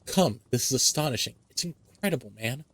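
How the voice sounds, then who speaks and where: A man voicing an old gentleman who exclaims heartily and in astonishment, in a dry recording. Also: medium pitch, animated, brisk, husky, no room sound. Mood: hearty. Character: older gentleman, eager and astonished.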